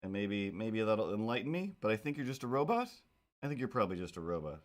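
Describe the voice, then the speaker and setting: A man's voice: fairly low pitch, big pitch swings, fast talker. A man chatting casually on a livestream while drawing, rambling with self-mocking, playful asides. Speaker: streamer.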